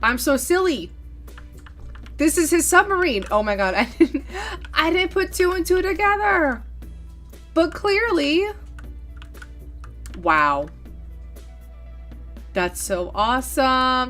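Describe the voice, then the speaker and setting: A young woman gaming YouTuber narrating her farming game run, gushing and excitable with frequent gasps. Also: high-pitched, takes it slowly, long pauses, faint music behind. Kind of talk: gameplay commentary and narration.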